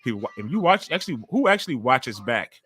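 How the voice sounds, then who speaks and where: A man, hosting a casual live wrestling watch-along and chatting loudly with viewers. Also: mid-range voice, quick pace, husky, no echo. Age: 40s. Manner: loud, excitable, chatty with viewers, swears freely. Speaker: livestream host.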